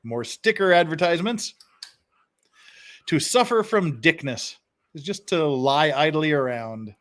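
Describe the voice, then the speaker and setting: A man's voice: fairly high pitch, animated, unhurried, a bit bright. A man hosting a casual live stream, reading phrases aloud and chuckling often.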